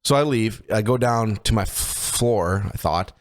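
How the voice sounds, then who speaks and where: A man's voice: lowish voice, expressive, measured pace. A young man co-hosting a podcast, telling profane stories in casual chat and laughing often. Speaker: podcast co-host.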